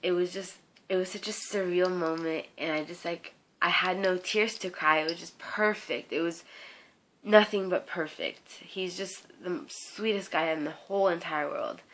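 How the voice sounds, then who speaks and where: Earnest young woman, rambling excitedly. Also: fairly low pitch, moderate pace. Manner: excited, rambling retelling with many "like"s and restarts; heartfelt, earnest. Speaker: fan site runner. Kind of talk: personal story told to camera.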